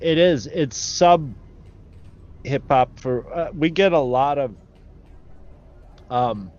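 Man, mid pitch, rambling storyteller, casual podcast chat, dull lo-fi sound. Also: slow. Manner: rambling, many restarts, animated retelling. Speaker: podcast co-host.

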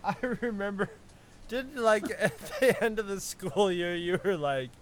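A man with a high voice adds his own memories to a casual chat among old school friends, laughing along. A crowd murmurs behind him. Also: animated, unhurried. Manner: chiming in with reminders, laughing. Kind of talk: casual reminiscing.

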